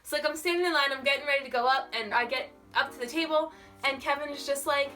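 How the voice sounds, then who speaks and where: A young woman vlogger telling a story in a gushing, excitable way, full of "like". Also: sits high, quick pace, recorded from a distance. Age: young adult. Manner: gushing, excitable, heavy use of "like". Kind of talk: casual storytelling.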